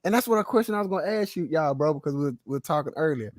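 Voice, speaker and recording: A man's voice: a little high, expressive, very fast, a little mellow, slight background noise. A Texan man in a casual boxing chat, laid-back, laughing often and trailing off mid-thought. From Texas. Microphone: phone call.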